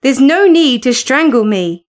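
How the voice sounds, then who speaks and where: A woman's voice: high-pitched, sing-song, measured pace. A woman reading the part of a proper young husband who speaks crossly, in a storybook reading. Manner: cross, huffy.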